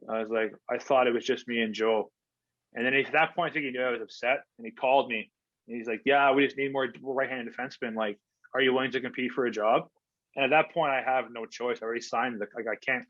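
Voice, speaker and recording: This hockey-playing guest from Canada has a medium-pitched, fairly bright voice. In a casual interview he spins stories with plenty of fillers and quoted conversations, and the lo-fi recording is dull and dry with no room sound.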